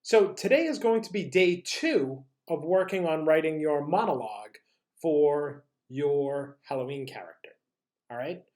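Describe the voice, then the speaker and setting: An upbeat teacher at a mid pitch, leading a recorded online lesson. The delivery is encouraging, with steady check-ins with the students. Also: unhurried. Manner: upbeat, encouraging, leads warm-ups and tongue twisters. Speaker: drama and language teacher.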